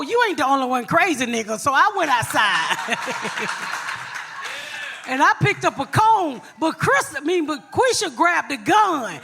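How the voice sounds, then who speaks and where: A middle-aged woman holds forth on a live podcast stage. Her high, bright voice swings widely as she tells loud, profane stories. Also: vocal fry. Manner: brash, profane, loud storytelling. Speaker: comedian and podcast host. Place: live show before an audience.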